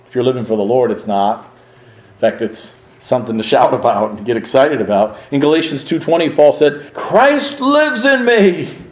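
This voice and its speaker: A man's voice: a little fast, darkish tone. Earnest preacher man, echoey room. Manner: earnest, emphatic, shifting pitch and pace for stress. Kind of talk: sermon.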